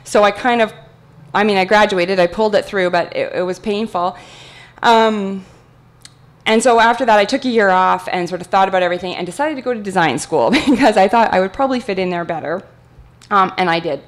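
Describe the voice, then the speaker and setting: A woman giving a talk, telling a personal story in a chatty, animated way with many fillers. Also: mid-range voice, brisk. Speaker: guest speaker at an art talk.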